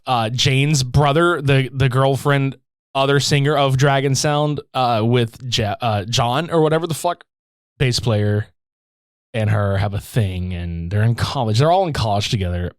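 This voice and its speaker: A young man co-hosting a movie-review podcast excitedly retells a film's plot, swearing freely, laughing a lot, and acting out scenes in different voices. His mid-range voice is smooth and unhurried, captured in clean, echo-free studio sound.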